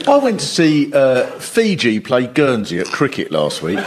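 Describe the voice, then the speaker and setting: A man's voice: medium pitch, huge pitch swings, moderate pace, heavy background noise. A man on a comedy panel telling a rambling anecdote in a chatty way. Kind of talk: comic panel banter.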